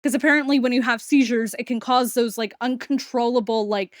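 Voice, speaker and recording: A woman's voice: on the high side, brisk, dry recording. A woman streamer talking casually and candidly at home, rambling and swearing now and then. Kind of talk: casual live-stream chat. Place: room at home.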